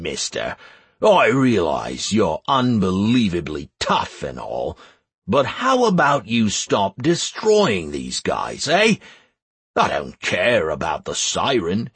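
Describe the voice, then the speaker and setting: A man narrating an audiobook in first person, in a wry, expressive way, recorded close to the mic. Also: low voice, takes it slowly, breathy edge, dry recording.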